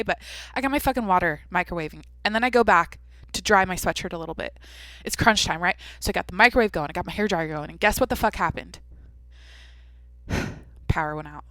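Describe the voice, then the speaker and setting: A woman's voice: lowish voice, a bit bright, no room sound. Rambling, profane young woman podcaster. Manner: rambling, profane, self-interrupting storytelling. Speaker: podcast host. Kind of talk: solo podcast monologue.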